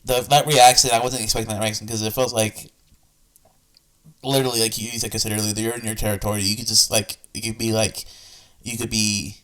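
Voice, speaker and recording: A man's voice: on the low side, level tone, a little fast, fairly bright tone, recorded from a distance, rough recording. A man hosting a reaction video, talking casually and rambling with many restarts. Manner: rambling, full of fillers and restarts.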